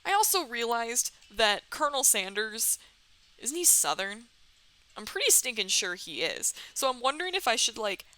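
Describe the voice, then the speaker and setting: A young woman giving animated, giggly commentary on her game playthrough and reading its text aloud. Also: medium pitch, moderate pace. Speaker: let's player. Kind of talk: casual gameplay commentary.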